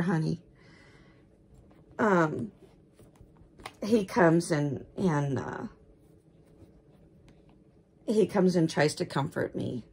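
A woman's voice: low-pitched, lively intonation, drawn-out words, creaky, pauses often, darkish tone, husky. A woman vlogging about her dolls in rambling, homespun casual chat that gushes with gasps. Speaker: doll collector vlogger.

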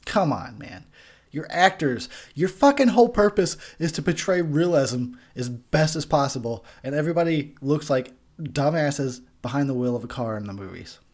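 A man's voice: a little high, animated, moderate pace, a little mellow. A young man giving a tipsy, profane movie commentary, rambling and laughing at his own jokes. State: tipsy from beer.

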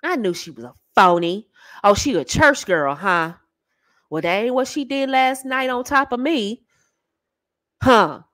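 A woman putting on a lowered voice to play a smug, scheming man who mocks and drawls. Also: expressive, unhurried, long pauses, a bit bright, no echo. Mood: mocking. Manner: mocking, drawling.

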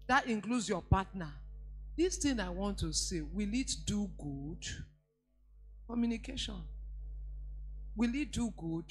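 A woman pastor with a Nigerian accent preaching on marriage, emphatic, slowly repeating key lines and telling stories. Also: mid-range voice, lively intonation, soft background music. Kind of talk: sermon on marriage.

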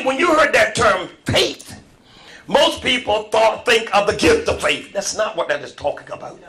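A man preaching a lively sermon. He retells scripture with call and response, swinging between loud shouts and hushed, quiet storytelling. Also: high-pitched, moderate pace.

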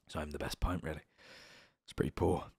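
A man's voice: extremely low pitch, creaky, a little hiss or hum. A British man hosting a livestream, chatting casually, swearing now and then and reading out subscriber names. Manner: chatty and animated, swears, stumbles over names. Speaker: livestream host.

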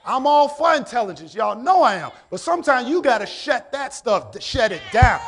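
A male pastor with an American accent preaching a sermon, often shouting and stretching out his words. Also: extremely high pitch, animated, some chatter behind. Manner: preaching with shouted, drawn-out exhortations. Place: church sanctuary.

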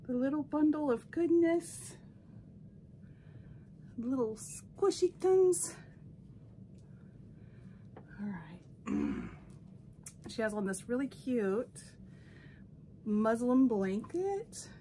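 Woman, high voice, unhurried, gushy and sentimental, casual unboxing chat, faint hiss. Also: wildly swooping pitch, dark tone. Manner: gushing, sentimental, easily moved. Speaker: doll collector vlogger. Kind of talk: casual box-opening vlog.

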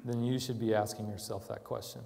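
A man giving a conversational sermon to a church, moving from quiet reflection to loud, emphatic urging. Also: fairly low pitch, little pitch movement, a little fast, creaky, long reverb tail. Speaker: church speaker.

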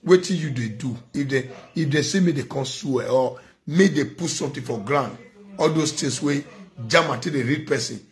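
A man with a Nigerian accent and a slightly high voice delivers ranting vlog commentary. He scolds and preaches, repeating phrases for emphasis.

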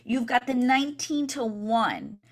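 A woman with a somewhat high voice trains real estate agents at a measured pace. Chatty and full of energy, she often pauses on a quick "right?"

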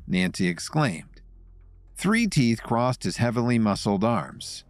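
A man narrating a scripted story in an expressive storytelling manner. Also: mid-range voice, slow pace, no room sound.

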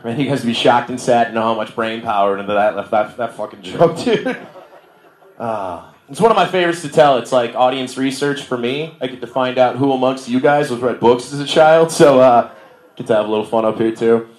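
A man's voice: medium pitch, brisk. A man in his thirties doing a stand-up comedy set in a bar, loose and self-deprecating, often laughing at his own jokes. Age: 30s. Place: bar room with a live audience. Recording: roomy live venue sound.

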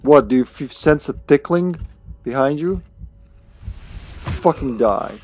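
A man streaming a video game live, cursing and joking at the enemies while he plays, with a sore throat he keeps clearing. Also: a little high, animated, takes it slowly, a little mellow, faint music behind. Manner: swears freely and jokes at the game. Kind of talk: casual live gameplay commentary.

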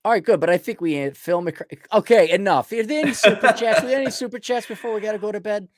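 A man's voice: high voice, fast talker, dry recording, studio quality. A man co-hosting a livestream, joking around casually and trailing off as he thinks aloud. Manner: playful, jokey, trails off while thinking. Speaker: livestream co-host.

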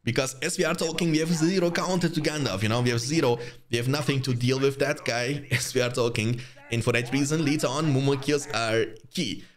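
A young man talks through his strategy game match as he plays it, addressing viewers directly. He is chatty and easily excited. His voice sits at an ordinary middle pitch. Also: a little fast. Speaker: gaming channel host. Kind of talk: live gameplay commentary.

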